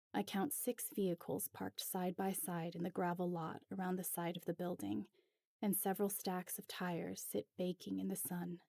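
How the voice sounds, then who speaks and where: Slow, gravelly woman narrator. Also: fairly low pitch, mellow, no echo, clean studio sound. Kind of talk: reading fan fiction aloud.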